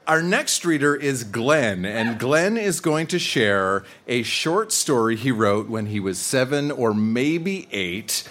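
A man's voice: mid-range voice, sing-song, takes it slowly, hardly any pauses, fairly bright tone. A man co-hosting on a live festival stage, introducing the next reader in an upbeat way and calling out to the crowd.

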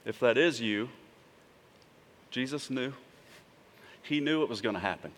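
A man's voice: medium pitch, animated, a little slow, a bit bright. A man preaching a sermon as pastor, talking to the congregation in a conversational way and checking in with frequent asides. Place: church sanctuary. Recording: long hall reverb.

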